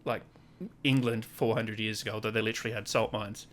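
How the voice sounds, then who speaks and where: A man's voice: lowish voice, little pitch movement, a little fast. A man in his thirties hosting a casual podcast chat, telling stories animatedly and acting out quotes in raised voices. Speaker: podcast host.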